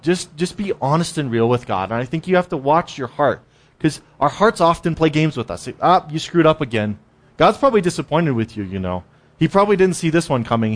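A man giving a casual, conversational sermon, often repeating words and acting out inner voices. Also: on the high side. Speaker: preacher.

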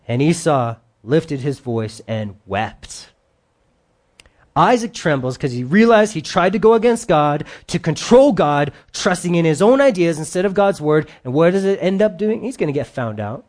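A man's voice: on the high side, animated, moderate pace. A middle-aged man preaching a sermon, reading scripture aloud and acting out the speakers with dramatic voices. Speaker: pastor.

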